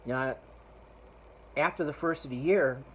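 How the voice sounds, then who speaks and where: Podcast host, middle-aged man, casual profane storyteller, mid-pitched, faint noise behind. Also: a little slow, fairly bright tone, rough recording. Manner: profane, rambling, laughs while retelling.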